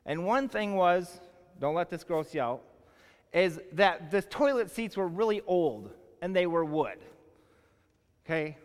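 A male pastor in his forties preaching a sermon, telling a personal story in an animated, casual way full of "like". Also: high-pitched, unhurried. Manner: animated storytelling, colloquial, lots of "like". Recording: long hall reverb.

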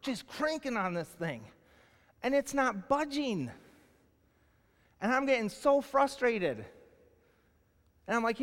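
A male pastor in his forties preaching a sermon, telling a personal story in an animated, casual way full of "like". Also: very high voice, slow, pauses often. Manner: animated storytelling, colloquial, lots of "like". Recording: long hall reverb.

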